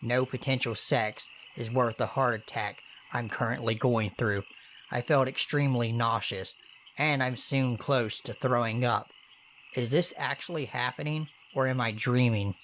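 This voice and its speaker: Man, horror story narrator, first-person, earnest, casual swearing, middle pitch, faint crickets behind. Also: a bit bright, a little hiss or hum.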